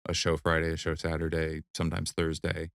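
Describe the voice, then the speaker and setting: A man's voice: a bass voice, completely flat delivery, fairly quick, vocal fry, clear, resonant tone, no echo, studio quality. A man, a guest comedian, chatting casually in a loose, rambling storytelling way. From United States. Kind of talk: casual chat.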